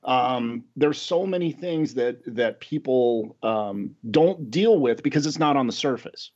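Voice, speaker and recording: A man's voice: mid-range voice, animated, measured pace, darkish tone. A man in casual podcast conversation as a guest, talking earnestly and rambling through many restarts, laughing easily. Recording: lo-fi dull sound.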